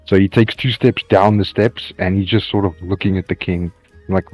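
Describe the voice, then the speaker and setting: A man's voice: low-pitched, steady tone, normal speed, soft background music. A man playing a tabletop game, describing his character in a dry, laconic way over a dull lo-fi mic. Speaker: player. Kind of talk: casual tabletop game play.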